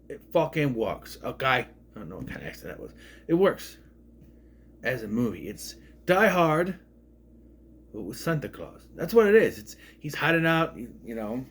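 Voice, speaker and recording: The man reviewing a film speaks at normal speed in a sing-song voice, leaving long pauses. He rambles casually, often restarts his sentences, and swings in pitch and loudness.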